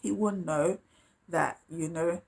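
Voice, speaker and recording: A woman telling a casual storytime, lively and acting out the other people's voices. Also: fairly low pitch, takes it slowly, vocal fry. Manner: animated, acts out quoted voices. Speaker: vlogger.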